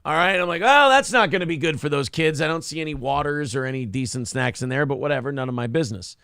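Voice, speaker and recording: A man's voice: a little high, animated, quick pace, pushed and bright, smooth, dry recording, clean studio sound. A man hosting a morning show, telling a story as a profane, heated rant. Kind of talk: casual podcast chat.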